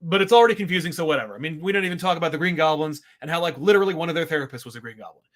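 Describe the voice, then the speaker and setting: A man's voice: on the high side, expressive, very fast. A man co-hosting a podcast, reviewing comics in a rambling, wry, exasperated way. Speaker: podcast co-host. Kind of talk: casual comic book review chat.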